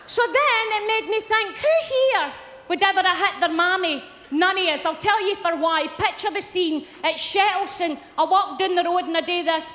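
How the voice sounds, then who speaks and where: A middle-aged Glaswegian Scottish woman doing a brash live stand-up routine and shouting punchlines to a big crowd in an arena. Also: extremely high pitch, normal speed. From Scotland. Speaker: stand-up comedian. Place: large arena, live charity concert. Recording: echoey arena with loud crowd.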